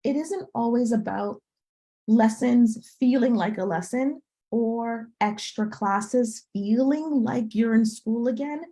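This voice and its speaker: Higher-voiced woman tutoring on a call. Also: warm tone. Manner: checks in with frequent "okay?"; sounds out letters slowly and repeats them. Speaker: French tutor. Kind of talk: online presentation to parents.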